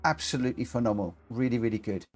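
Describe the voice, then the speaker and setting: A man's voice: medium pitch, racing. A man hosting a live racing game stream, talking in a chatty, rambling, self-deprecating way. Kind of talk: casual live-stream commentary.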